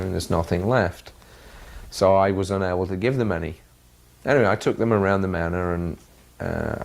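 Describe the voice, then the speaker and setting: Guy, deep gravelly voice, slow story with lots of ums. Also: darkish tone. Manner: unhurried, hesitant with fillers. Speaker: disciple recalling his teacher. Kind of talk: reminiscing anecdote.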